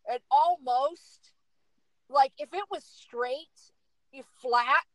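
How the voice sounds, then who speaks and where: A woman's voice: high-pitched, slow, dry recording, rough recording. A middle-aged woman telling a dramatic story in casual chat, repeating words for emphasis.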